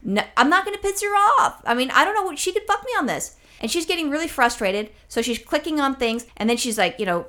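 Fast-talking woman telling a story. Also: sits high, animated, bright, forceful tone. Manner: rambling, swears freely. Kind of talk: comedic storytelling chat.

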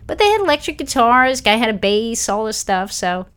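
Woman co-host, smooth clear voice, wry and descriptive in relaxed chat. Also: fairly high pitch, normal speed. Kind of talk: casual chat.

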